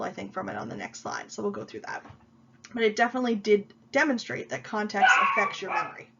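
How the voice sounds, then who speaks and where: A woman college instructor gives a recorded online lecture in a mid-range voice, explaining with frequent fillers and sounding slightly congested from a cold. The recording is dull and lo-fi, with a little hiss or hum.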